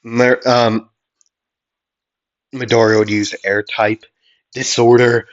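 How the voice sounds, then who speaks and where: A man's voice: mid-range voice, flat delivery, slow pace, long pauses. A man improvising a fan-fiction fight story, rambling with hesitations and mouthed sound effects. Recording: dull lo-fi audio.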